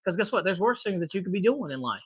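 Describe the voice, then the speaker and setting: A man with a high, bright voice co-hosts a live hobby podcast in an easygoing chat. He sounds upbeat and friendly, calling out viewers by name between jokes. The sound is dry and close. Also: very animated, quick pace, husky, no echo. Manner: upbeat, greets viewers by name, laughs easily. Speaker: podcast co-host.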